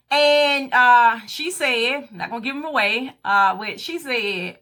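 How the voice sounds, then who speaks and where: A woman's voice: fairly high pitch, takes it slowly, few pauses, pushed and bright. A young adult woman vlogging a candid, emphatic motivational talk about confidence, acting out what others said to her. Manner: candid, emphatic, acts out quoted voices.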